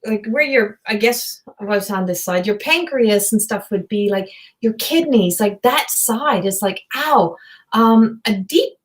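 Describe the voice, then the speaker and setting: A woman's voice: mid-range voice, expressive, a little slow. A woman giving a live psychic reading, earnest and emotive, rambling and repeating herself. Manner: rambling and repetitive, many fillers. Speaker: psychic medium and tarot reader.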